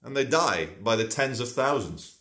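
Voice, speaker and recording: A man talks straight to camera in a loose, rambling vlog monologue, blunt and full of swearing, dropping sardonic asides. His voice sits at an ordinary middle pitch. The room around him rings with a noticeable echo. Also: expressive, moderate pace, a bit bright. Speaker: vlogger. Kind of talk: casual unscripted monologue. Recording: roomy echo.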